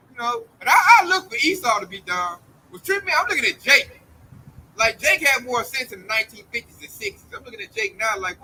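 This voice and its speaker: A male preacher giving an informal street-style sermon. He speaks bluntly in heavy slang, mocks those he talks about and often acts out their voices. His voice is very high-pitched for a man, with a piercing, bright edge. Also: animated, brisk, slight background noise, poor audio.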